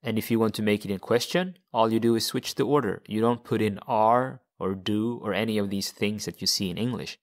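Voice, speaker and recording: A man's voice: fairly low pitch, brisk, hardly any pauses. A man teaching a language lesson step by step, patiently repeating phrases for learners.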